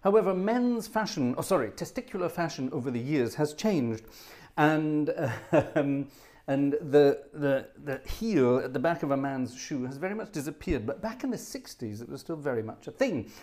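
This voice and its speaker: A man's voice: fairly high pitch, expressive, normal speed, darkish tone. A middle-aged man from Scotland hosting a home organ livestream, telling a rambling, jokey story with self-corrections and asides.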